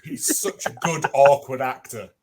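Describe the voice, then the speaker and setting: A man's voice: mid-range voice, measured pace. A man co-hosting a casual podcast chat, talking easily and often laughing as he speaks. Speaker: podcast co-host.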